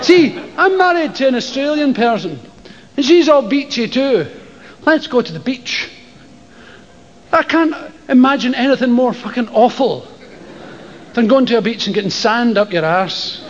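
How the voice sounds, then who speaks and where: A man's voice: very high-pitched, expressive, moderate pace. An older Scottish man doing stand-up, telling a profane story and acting out voices and screams. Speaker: stand-up comedian. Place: live comedy venue with an audience. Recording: lo-fi live show with crowd and noise.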